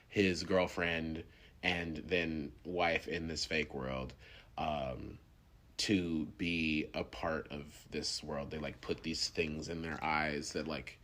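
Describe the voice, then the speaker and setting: A man's voice: deep voice, a bit bright. A man hosting a podcast, chatting casually about a movie with loose fillers and restarts. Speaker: podcast host. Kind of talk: casual film review chat.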